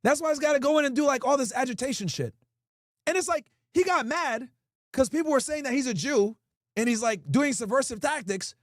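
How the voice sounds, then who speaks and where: High-voiced blunt male streamer. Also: animated, brisk, no room sound, clean studio sound. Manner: blunt, profane, talks straight to chat. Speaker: livestream host. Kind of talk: casual livestream chat, reading viewer comments.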